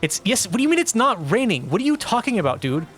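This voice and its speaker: Lively young male streamer, exasperated. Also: high voice, fast talker, soft background music. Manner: frustrated, exclaiming and swearing at the game; talks back to chat. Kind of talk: live gameplay commentary.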